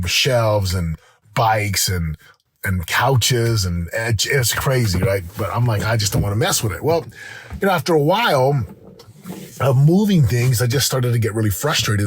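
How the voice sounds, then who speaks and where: A middle-aged man hosting a show, giving an energetic motivational talk with lots of restarts and repeated words. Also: fairly low pitch, slightly rough. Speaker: podcast host. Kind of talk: motivational monologue.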